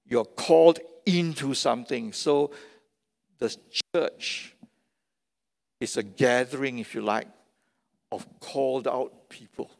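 A man delivering a sermon at an unhurried, deliberate pace, with a gravelly edge in his voice. He drives his points home by repeating key phrases. The sound carries a long reverb, as if from a large church hall. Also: medium pitch, darkish tone. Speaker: pastor.

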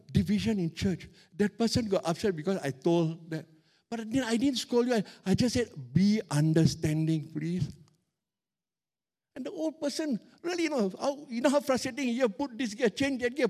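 A middle-aged man preaching a sermon as pastor, animated and emphatic, stretching out key words. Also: very high voice, fairly quick.

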